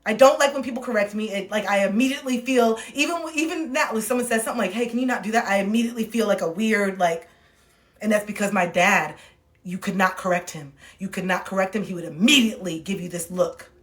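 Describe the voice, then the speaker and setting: A woman's voice: medium pitch, fast talker. A woman in a casual, candid livestream monologue, speaking bluntly with swearing and acting out the voices of people she quotes, recorded on a phone mic.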